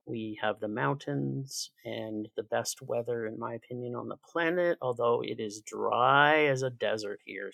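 A Canadian man, a podcast guest, chatting casually in an animated, sarcastic joking way. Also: medium pitch, creaky, no room sound. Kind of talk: casual chat.

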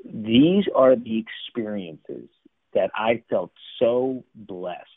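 Man, from New Jersey, radio guest, lively and emphatic storyteller, phone-line sound, dry. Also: fairly low pitch, drawn-out words, no room sound. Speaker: guest, life coach. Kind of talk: recovery story told in a radio interview.

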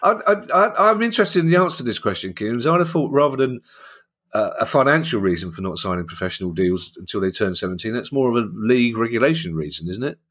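A man's voice: medium pitch, lively intonation, quick pace, a bit bright. A man with a South London accent hosting a football finance podcast, chatty and jokey with lots of asides. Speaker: podcast host. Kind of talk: casual chat.

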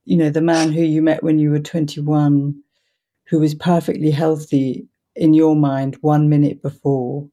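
A woman hosting a podcast interview, asking gentle, empathetic questions. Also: low-pitched, flat delivery, unhurried. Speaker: podcast host.

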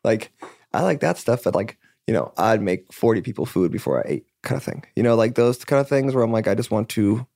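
A young man from California talks very quickly in a loose, rambling way. He fills his speech with "like" and curses, and he acts out his own past conversations. The sound is dry and close, with no room echo. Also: lowish voice, animated, vocal fry, dark tone. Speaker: musician guest. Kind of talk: candid casual chat.

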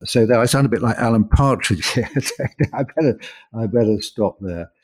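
A man's voice: mid-range voice, moderate pace, a little mellow, breathy edge. A man co-hosting a news podcast, chatting casually as he reads out listener messages with his own asides. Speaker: podcast co-host.

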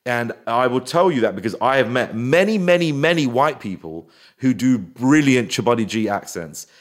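A man, chatting as a guest in an interview and often slipping into quick put-on voices and impressions. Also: mid-range voice, animated. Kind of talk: casual interview chat.

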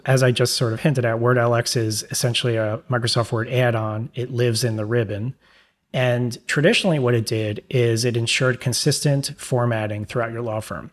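New York man explaining legal tech. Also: medium pitch. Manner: casual, explanatory, trails off with fillers. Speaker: podcast guest, legal tech publisher. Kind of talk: conversational interview.

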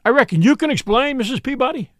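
A man's voice: very high voice, lively intonation, fast talker, no room sound, studio quality, pitched above the performer's own voice. A man voicing an angry, domineering miners' judge from the frontier, talking in a folksy, bossy way. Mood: interrogating. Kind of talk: audiobook character voice.

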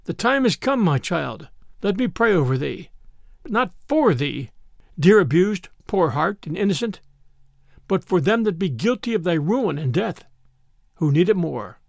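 A kind, solemn priest speaks gently and prayerfully, as a male narrator puts him on. His voice is gravelly and moves widely in pitch. It sits close and dry. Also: very animated, a little slow, no echo, heavily acted. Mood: tender.

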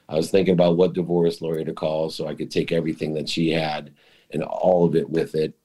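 Deep-voiced man telling a confessional story. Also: dark tone, slightly rough. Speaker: guest. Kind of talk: personal storytelling in interview.

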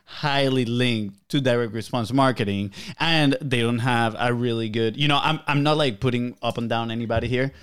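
A man's voice: mid-range voice, moderate pace, few pauses, fairly bright tone, clear, resonant tone. A man co-hosting a podcast, asking questions in a thoughtful, hedging way. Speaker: podcast co-host. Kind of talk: casual podcast conversation.

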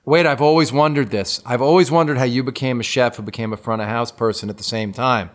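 A man's voice: mid-range voice, fast talker. A man in his fifties hosting a casual interview, eagerly asking follow-up questions. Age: 50s. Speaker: podcast host.

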